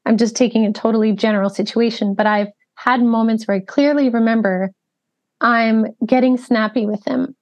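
A chatty woman hosts a podcast, her voice pitched fairly high. She tells stories loosely, leaning on fillers as she goes. The audio is dull and muffled, with a lo-fi sound. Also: steady tone, moderate pace, a little mellow. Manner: chatty storytelling with frequent fillers. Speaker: podcast host. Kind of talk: casual podcast conversation.

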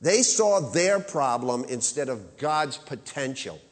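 A man preaching a sermon with emphasis, rising to loud high peaks and dropping to quiet low asides. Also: big pitch swings, slow. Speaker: pastor. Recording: long reverb of a large hall.

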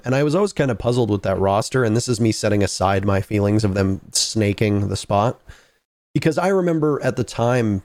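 Casting: male interviewer, lowish voice, dry close sound, chatty and rambling. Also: a little mellow, dry recording. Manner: rambling, many restarts and asides. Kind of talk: casual esports interview.

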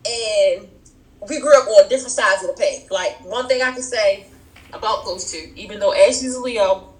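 A woman's voice: medium pitch, moderate pace, echoey room, rough recording. A woman chatting casually as a podcast guest, telling stories animatedly and acting out her friends' voices. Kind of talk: casual chat.

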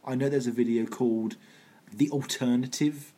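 A man co-hosting a podcast in casual banter, animated and profane, laughing at his own jokes. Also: medium pitch, moderate pace, breathy edge. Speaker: podcast co-host.

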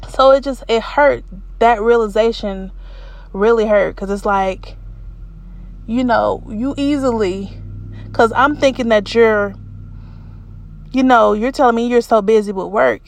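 Woman storyteller, gravelly low fry, unhurried delivery, candid casual chat with emotional repetitions. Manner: colloquial, says y'all.

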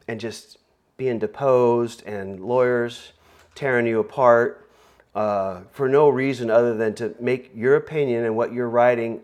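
Rambling male preacher. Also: mid-range voice. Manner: rambling, filler-heavy, joking. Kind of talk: conversational sermon.

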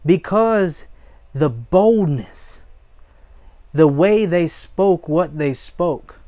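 A male preacher with a slightly high voice, speaking slowly and deliberately. He reads scripture and exhorts his listeners, stopping now and then for short prayers. The sound is dry and close. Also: expressive, mellow, no room sound. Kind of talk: sermon.

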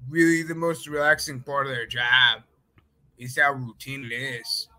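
A man with a very bright, forward voice chats casually. He hedges and fills his sentences with "like" and "I mean". His delivery is loose and conversational. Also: medium pitch, level tone, unhurried, low-quality recording. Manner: chatty, hedging, many fillers. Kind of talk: casual chat.

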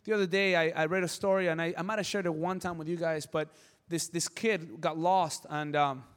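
High-voiced preacher in an echoing hall. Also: male voice, steady tone, a little fast, fairly bright tone, clean tone. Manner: passionate, repeats words for emphasis, storytelling. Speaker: pastor. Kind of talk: sermon.

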